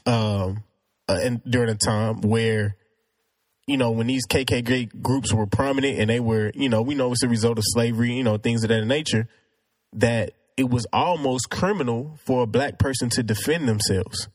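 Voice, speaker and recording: A man's voice: mid-range voice, steady tone, normal speed. A man in a casual debate, talking earnestly and arguing his point with many restarts. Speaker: discussion participant.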